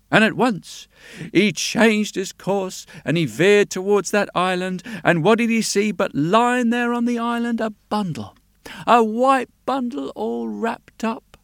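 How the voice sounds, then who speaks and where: A man telling a folk tale aloud in a lilting, unhurried way, with asides to the listener. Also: sits high, gravelly, dry recording, clean studio sound. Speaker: storyteller. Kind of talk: oral storytelling. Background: soft guitar.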